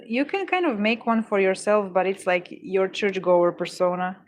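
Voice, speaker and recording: A woman's voice: mid-range voice, moderate pace, a little hiss or hum. A woman chatting casually while working on orders, easily startled, laughing often and correcting herself as she talks. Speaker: crafting livestreamer.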